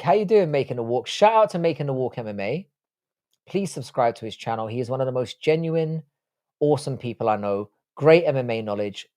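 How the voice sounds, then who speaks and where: With a dark-toned, mid-range voice, a livestream host reads viewer chat out loud and fires back loose, profane answers on his casual stream.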